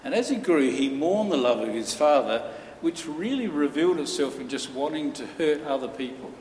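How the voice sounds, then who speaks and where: A man preaching a sermon, telling a story earnestly with dramatic pauses. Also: fairly high pitch, lively intonation, a little mellow, a little hiss or hum. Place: church hall. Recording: echoey hall from far off.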